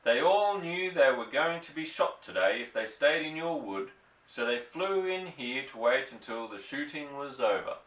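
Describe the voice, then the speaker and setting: A man voicing a mischievous country father who speaks softly with dry irony. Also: medium pitch, lively intonation, moderate pace, roomy sound, far from the mic, close to an everyday voice, poor audio. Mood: wry. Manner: soft, dry, gently ironic.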